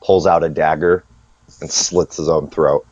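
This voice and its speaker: A man running a tabletop game as game master, unhurried as he narrates and tallies rules and experience points. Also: rumbling low, little pitch movement, a little mellow, dry recording. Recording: dull lo-fi dry sound.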